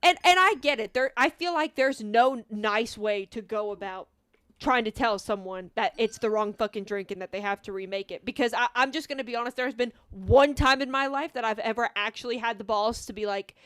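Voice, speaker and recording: A woman's voice: on the high side, a little fast, a bit bright, clear, resonant tone, dry recording. A young woman vlogger telling a story casually while gaming, rambling with lots of "like" and frequent swearing.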